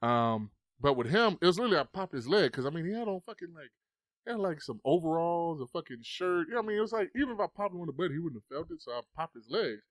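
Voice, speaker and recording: This podcast host is a young adult man whose voice is a little high and fast, recorded with no room sound. Chatting casually, he tells stories with lots of animation, swearing freely and performing the quotes.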